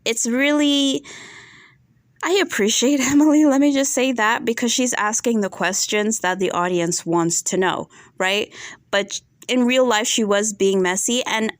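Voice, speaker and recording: A chatty, opinionated woman with a high, bright-toned voice talks through a reality TV episode and keeps asking her viewers "right?". She sounds dry and close, with no room echo. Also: measured pace. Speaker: reality TV reviewer. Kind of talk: casual commentary to camera.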